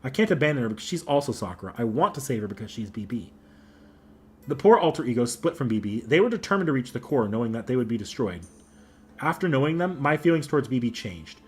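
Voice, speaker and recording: A man reading the lines of a determined young game protagonist in his own steady voice. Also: medium pitch, fast talker, breathy edge.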